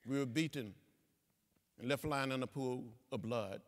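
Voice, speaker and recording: The reverberant sound of a large lecture hall carries a seventies-aged guest speaker's mid-range voice as he talks to students at a moderate pace. He falls into a preacherly rhythm, repeating phrases.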